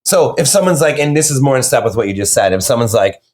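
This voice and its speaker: Brief: male guest, mid-pitched, rambling casual talk, loose and unpolished. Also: lively intonation, fast talker, a little mellow. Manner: rambling, many fillers and restarts. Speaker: guest, horror novelist. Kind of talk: casual interview chat.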